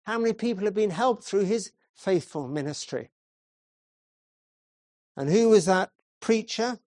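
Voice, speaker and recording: Man, preacher, sermon storytelling, measured delivery, slow, dry close recording. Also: high voice, animated, a little mellow, no echo. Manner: measured, asks the listeners questions.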